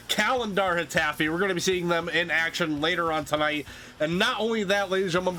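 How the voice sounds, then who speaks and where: Male host-announcer, high bright voice, fast excitable wrestling-show patter. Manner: hyped announcer tone with quick bursts and small restarts. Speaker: host and play-by-play commentator. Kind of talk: energetic wrestling show commentary.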